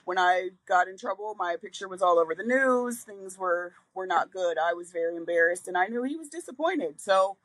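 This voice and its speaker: A woman's voice: medium pitch, fairly bright tone, no echo, rough recording. A woman in her forties speaks plainly and openly as a podcast guest, swearing now and then as she talks through her own past. Her voice is close and dry, with no room sound around it. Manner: candid, frank storytelling with casual swearing. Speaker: guest, reentry liaison. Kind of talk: casual podcast interview.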